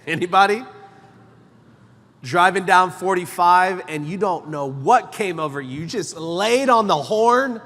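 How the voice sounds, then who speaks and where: A pastor delivers a sermon in a church sanctuary, his high-pitched, fairly bright voice moving at a measured pace. He preaches emphatically yet conversationally, posing rhetorical questions, and the recording carries the long reverb of the hall.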